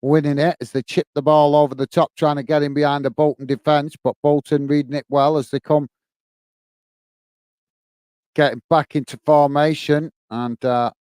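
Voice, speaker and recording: A man with a Northern Irish accent hosting a football watch-along stream, giving steady play-by-play and chatting in a friendly way as he reads viewer comments. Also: a little high, moderate pace, clear, resonant tone, no echo. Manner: friendly and chatty, often says "mate" while reading viewer comments. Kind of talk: live play-by-play commentary with chat.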